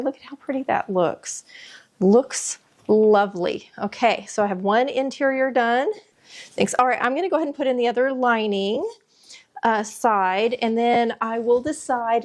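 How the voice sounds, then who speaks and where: A woman's voice: mid-range voice, darkish tone. A woman hosting a casual sewing tutorial from her home sewing room, chatty and self-deprecating, with plenty of fillers. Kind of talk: casual step-by-step sewing demonstration.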